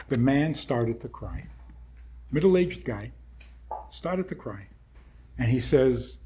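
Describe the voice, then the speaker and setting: A man's voice: mid-range voice, expressive, takes it slowly, pauses often, warm tone, slight background noise. A man giving a sermon-like talk, firing off rhetorical questions in short punchy phrases.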